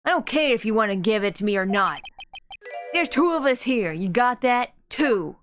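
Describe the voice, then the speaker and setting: Brief: woman doing a gruff game mobster guy with street-tough threats and a raised voice. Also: on the high side, expressive, moderate pace, faint music behind, lightly acted. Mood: menacing. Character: gruff Italian-American mobster man.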